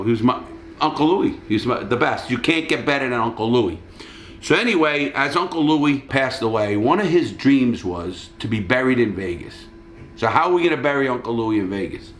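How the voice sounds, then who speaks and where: A man's voice: mid-range voice, a bit bright, roomy sound, a little hiss or hum. A middle-aged man telling stories in a rambling, casual way, swearing freely, recorded in a hotel suite. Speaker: storyteller. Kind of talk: profane casual storytelling.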